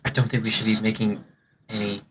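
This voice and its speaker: A man's voice: lowish voice, monotone, brisk, slight background noise, close to an everyday voice, rough recording. A man playing a cautious fantasy adventurer in a tabletop game, speaking hesitantly and carefully. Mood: wary. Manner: hesitant, careful speech with restarts.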